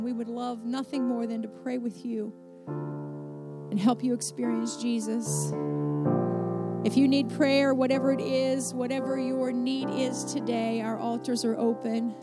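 A woman's voice: fairly high pitch, level tone, moderate pace. A woman pastor preaching a sermon with rhythmic repeated refrains. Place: church. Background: soft piano.

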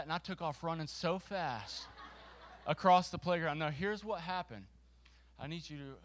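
A man preaching to a congregation, telling a funny story with a volunteer on stage, lively and self-mocking. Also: fairly high pitch, a little hiss or hum. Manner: lively and self-mocking, with quick restarts and laughter.

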